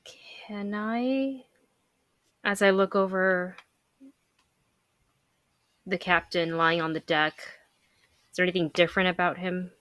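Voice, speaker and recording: Low-voiced woman playing her character. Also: fairly even intonation, slow pace, pauses often, a bit bright, no room sound. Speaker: player. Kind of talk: in-character tabletop play.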